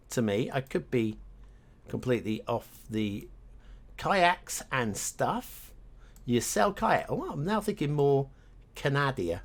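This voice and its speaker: A man muses aloud at an unhurried, halting pace while playing a guessing game, often trailing off as he talks to himself. His voice sits at an ordinary middle pitch. Mouse clicks and keyboard typing tick along behind him. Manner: musing, hesitant, talks to himself. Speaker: game streamer.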